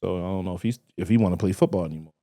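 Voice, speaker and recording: A man's voice: sits low, racing, dry recording, studio quality. A young man co-hosting a podcast, talking casually and animatedly. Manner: animated, laughing, swearing freely. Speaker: podcast co-host. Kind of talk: casual chat.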